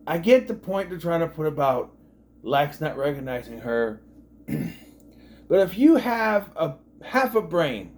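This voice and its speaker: A man's voice: on the high side, darkish tone. A man in his thirties giving a casual episode recap, rambling and sarcastic, full of fillers and asides. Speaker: TV show reviewer.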